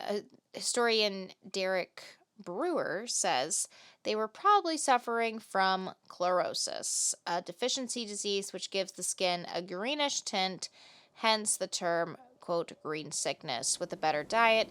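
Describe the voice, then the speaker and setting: A woman's voice: medium pitch, animated, a little slow, a bit bright, clean tone. Chatty young woman telling history casually. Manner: chatty, rambling, profane, self-deprecating. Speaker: podcast co-host. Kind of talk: casual storytelling chat.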